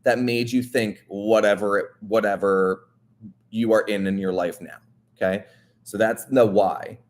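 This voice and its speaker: A man's voice: lowish voice, fairly even intonation, a little slow. Earnest man coaching listeners. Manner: earnest, coaching, addresses listener directly with frequent "right?". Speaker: wellness podcast host. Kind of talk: motivational casual talk.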